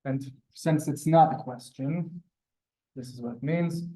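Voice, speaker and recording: A man's voice: a little high, a little slow, rough recording. Chatty man teaching on a video call. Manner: relaxed, chatty, many fillers and restarts. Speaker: Hebrew teacher. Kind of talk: casual online class teaching.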